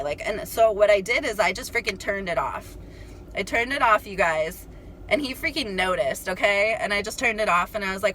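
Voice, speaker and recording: A woman's voice: mid-range voice, fairly quick, slight background noise, low-quality recording. A young woman telling a story to her viewers in a casual, chatty way, full of "like" and casual swearing. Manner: chatty, animated, heavy use of "like". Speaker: spiritual vlogger.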